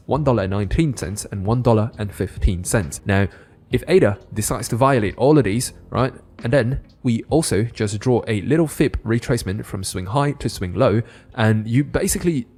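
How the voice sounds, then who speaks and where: A man giving a casual crypto chart analysis, often checking in with the listener with quick tag questions. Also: fairly low pitch, darkish tone. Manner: casual, keeps adding "right?" tag questions. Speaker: crypto trading YouTuber.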